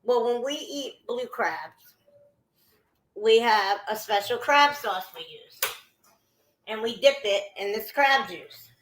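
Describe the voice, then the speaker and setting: Woman, casual cooking chat, bright tone, rambling, greets viewers. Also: a little high, expressive, slow pace, long pauses, rough recording. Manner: chatty, greets viewers mid-sentence, trails off. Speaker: vlogger cooking on a livestream.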